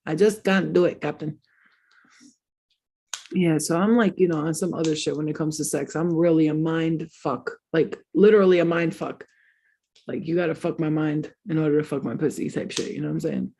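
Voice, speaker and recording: A woman's voice: deep voice, steady tone, moderate pace, creaky, mellow. A young adult woman chatting casually as host, telling candid, crude stories and laughing often. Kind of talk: casual chat.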